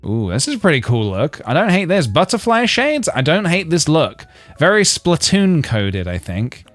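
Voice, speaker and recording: A man chatting on a game stream, wandering from joke to joke as he reads out his chat. His pitch rises and falls a lot. Soft game music plays faintly underneath. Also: huge pitch swings, normal speed, dry recording. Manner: rambling, joking asides, reading chat. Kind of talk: casual gaming stream chat.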